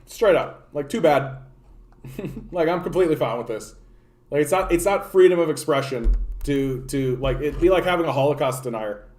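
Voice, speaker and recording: A Canadian political streamer with a slightly raised pitch and a darkish tone talks at a moderate pace through livestream political commentary. His manner is rambling and profane, with casual swearing, constant restarts, and "like" sprinkled everywhere.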